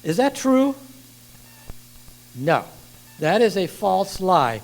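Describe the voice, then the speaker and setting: An older man preaching a sermon in a church, lively and asking the congregation questions. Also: high voice, takes it slowly, creaky, faint music behind, poor audio.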